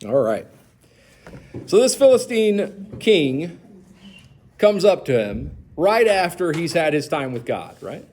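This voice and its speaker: A man leading a church Bible study, animated and asking the group questions. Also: fairly high pitch, takes it slowly, long pauses, a little hiss or hum. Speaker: pastor.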